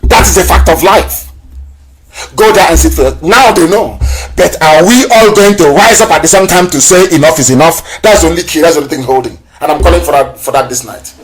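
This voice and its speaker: A man from Nigeria delivers a live political broadcast with a slightly raised pitch. His oratory is impassioned and scornful, and he hammers points home through repetition. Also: a little fast, soft background music. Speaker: broadcast host.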